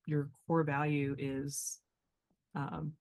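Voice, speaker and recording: A woman's voice: sits low, flat delivery, drawn-out words, darkish tone. Woman, teacher, podcast guest, reflective, rambling, lots of fillers, casual chat.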